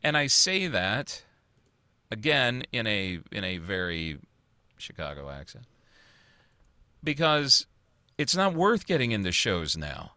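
Man, host, casual rant, low pitch, bright forceful tone, dry close sound. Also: very animated, slow, pauses often, clear, resonant tone, dry recording. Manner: ranting, loose and profane. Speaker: podcast host. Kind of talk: casual chat.

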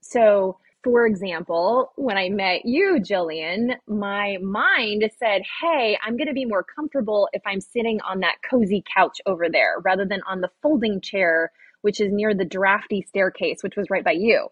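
Slightly raspy woman explaining stuff on a podcast, acts out little inner voices, kinda lo-fi dry audio. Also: mid-range voice, normal speed, no echo. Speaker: podcast guest, intuition teacher. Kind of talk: casual podcast conversation.

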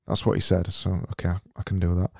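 British guy rambling on his podcast, mellow low voice, lots of stumbles and dry jokes. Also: flat delivery, fast, gravelly, slightly rough, no echo. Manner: rambling, stumbling, dry self-mocking humor. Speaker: podcast host. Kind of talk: casual comedic monologue.

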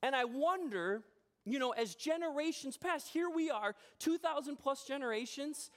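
A man preaching a sermon as pastor in a church, telling a personal story in a chatty, animated way with self-deprecating humor. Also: very high voice, moderate pace. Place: church sanctuary.

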